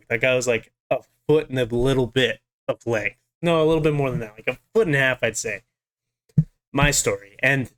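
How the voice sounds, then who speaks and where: With a mid-range voice, a man in his twenties recounts a personal story to camera in an animated, dramatic, casual style.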